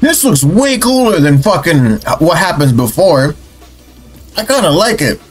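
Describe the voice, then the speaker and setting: A young man giving live, excitable commentary while playing a fighting game, swearing and venting his frustration on a headset mic. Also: on the high side, a little slow, slightly rough. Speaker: gaming streamer. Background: game music.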